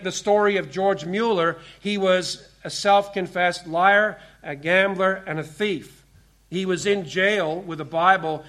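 A man's voice: high-pitched, a bit bright. A man preaching a sermon to a congregation, earnest and direct, asking rhetorical questions as he retells a scripture story. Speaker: pastor. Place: warm room with a congregation.

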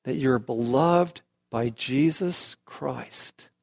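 Delivering an expository sermon, a man speaks slowly and with emphasis, his voice rising to loud, high peaks and then sinking quiet again. His voice is creaky.

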